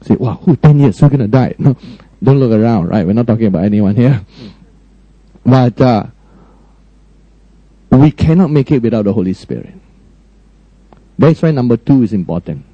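A man preaching a sermon emphatically, often questioning his listeners and swinging between high, raised lines and low, quiet ones. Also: expressive, moderate pace, pauses often, husky, no room sound, highs cut off. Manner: frequent direct questions to the congregation.

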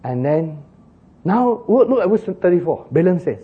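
Male preacher, husky, high and swooping, slow, playful storyteller; muffled lo-fi sound. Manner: animated, laughing, acts out the donkey and Balaam in exclaiming voices. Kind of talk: sermon storytelling.

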